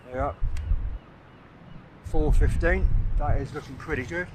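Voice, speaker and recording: A man's voice: a little high, measured pace. A man around sixty, talking casually to camera on a coastal cliff while he takes photographs, thinking aloud with lots of hesitations. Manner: rambling, thinking aloud with many "uh"s. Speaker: landscape photographer vlogger. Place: outdoors on a coastal cliff at sunset. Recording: outdoor noise clearly heard behind.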